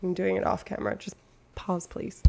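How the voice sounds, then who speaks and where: A woman's voice: lowish voice, little pitch movement, moderate pace, gravelly, a little mellow, a little hiss or hum. A woman from Canada, a streamer chatting casually and rambling, laughing often at herself. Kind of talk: casual chat.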